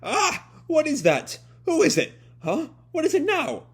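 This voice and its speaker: A man's voice: extremely high pitch, wildly swooping pitch, measured pace, pitched above the performer's own voice, heavily acted. A man voicing a frightened young boy who yelps about strange voices, reading a comic aloud.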